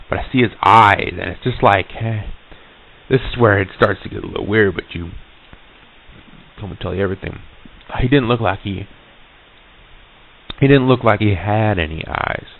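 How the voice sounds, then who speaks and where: Gravelly low man on tinny old tape. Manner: halting, stammering restarts. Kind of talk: recorded storytelling monologue.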